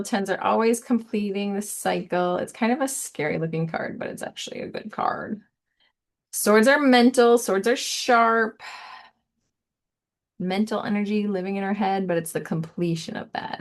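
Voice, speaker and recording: A woman giving a casual, meandering tarot reading, soft and giggly, repeating words playfully. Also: mid-range voice, normal speed. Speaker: tarot reader.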